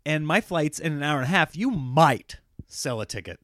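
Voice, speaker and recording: A man's voice: fairly high pitch, moderate pace, no room sound, studio quality. Sarcastic American man ranting. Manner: sarcastic, animated, laughing at his own points. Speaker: comedian. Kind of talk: casual ranting monologue.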